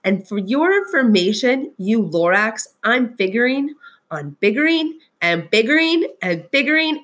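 A greedy factory owner, put on by a woman reading aloud, shouts his defiance in a raised voice. The tone is husky and stubborn, from a storybook reading. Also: mid-range voice.

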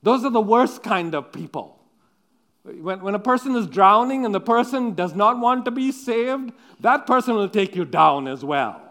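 A man with a high voice preaching a sermon. He talks in a halting, chatty way, full of ums and restarts, and turns to his listeners with direct questions. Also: lively intonation, sharp tone.

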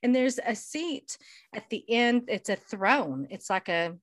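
A woman co-hosting a podcast, telling an animated, profane story and acting out the dialogue in casual chat. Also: on the high side, a little slow, dry recording, studio quality. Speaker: podcast co-host.

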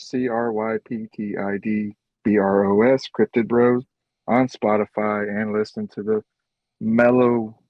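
A man's voice: fairly low pitch, dry recording. Casual man from oklahoma rambling, searching for words, kinda muffled. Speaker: podcast guest. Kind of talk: casual chat. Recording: muffled lo-fi sound.

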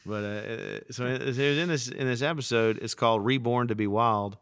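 A man who is a pastor, chatting on a podcast and telling stories in an animated, rambling way. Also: mid-range voice, moderate pace, clear, resonant tone, no room sound. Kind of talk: casual podcast conversation.

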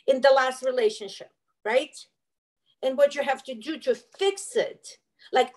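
A woman's voice: high-pitched, low-quality recording. A middle-aged woman, an interview guest, telling a personal story in an earnest, emotional way and acting out the dialogue with animation.

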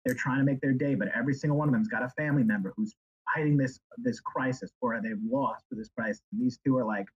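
A man who is a guest author, chatting in a rambling, animated way and slipping into silly impressions. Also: medium pitch, quick pace, slightly rough, muffled recording. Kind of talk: casual chat.

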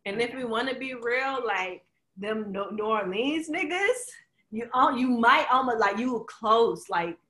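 A woman's voice: a little high, a little slow, echoey room. A woman, chatting casually as co-host and speeding up when she makes a point. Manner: animated, laughs often, speeds up when making a point. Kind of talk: casual chat.

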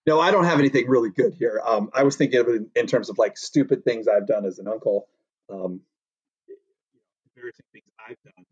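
Husky laughing podcast co-host. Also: male voice, mid-range voice, brisk, a little mellow, no room sound, highs cut off. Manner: laughs often, loose filler-heavy talk. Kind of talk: casual chat.

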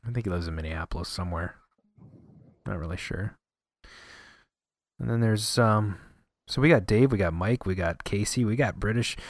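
A man hosting a podcast in relaxed, joking casual chat, laughing easily. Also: lowish voice, unhurried, pauses often, no echo, clean studio sound. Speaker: podcast host.

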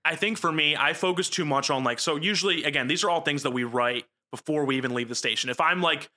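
Young reporter with a jersey accent, fast and chatty, bright sharp tone, casual podcast talk. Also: male voice, on the high side. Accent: New Jersey. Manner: quick, animated storytelling with frequent "like" fillers. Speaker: local TV news reporter.

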